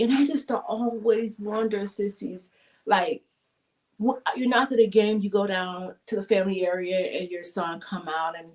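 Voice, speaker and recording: A middle-aged woman hosting an emotional panel talk, speaking in an earnest, heartfelt, rambling way over a video call. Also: mid-range voice. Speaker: talk show host.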